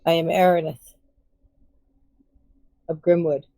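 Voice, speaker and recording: Low-voiced woman player, dry sound. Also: level tone, takes it slowly, mellow, no room sound. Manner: polite, casual player talk. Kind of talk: tabletop role-play.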